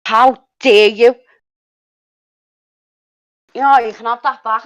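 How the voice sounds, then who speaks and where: A woman's voice: a little high, fairly even intonation, slow pace, pauses often, dry recording, muffled recording. A woman on a live stream panel, indignantly and emphatically defending her partner and repeating herself. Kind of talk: heated live stream argument.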